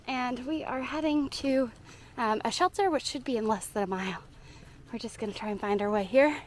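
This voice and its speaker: A young woman with a Southern US accent vlogs while walking a hiking trail outdoors, chatting cheerfully to the camera and laughing often. She talks briskly at a fairly high pitch, and there's a little hiss or hum on the audio.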